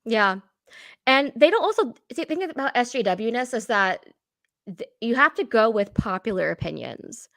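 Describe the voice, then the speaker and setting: A woman's voice: fairly high pitch, expressive, normal speed, creaky, fairly bright tone, no echo. Dry-sounding woman co-host, rambling. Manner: rambling, many fillers, acts out quotes. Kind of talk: casual chat.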